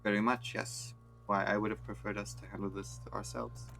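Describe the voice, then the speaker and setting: Man reading a calm, formal police lieutenant. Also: on the low side, creaky, faint music behind, poor audio. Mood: measured. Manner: measured, dry and formal.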